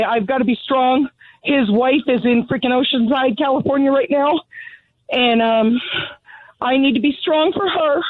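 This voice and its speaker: A woman's voice: high-pitched, dry recording. A grieving, angry mother on a phone call, talking bluntly and out of breath from pacing. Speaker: caller. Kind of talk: phone interview. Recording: tinny phone line.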